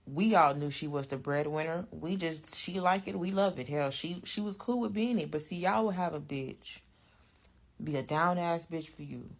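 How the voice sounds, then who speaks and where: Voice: medium pitch, moderate pace. A speaker giving casual commentary, angry and heated, swearing heavily.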